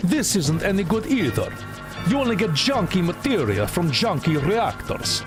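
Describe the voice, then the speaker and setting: A man voicing a scheming female weapons chief in a game, putting on a mock Russian accent and a high, drawn-out voice. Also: sing-song. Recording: loud game music behind.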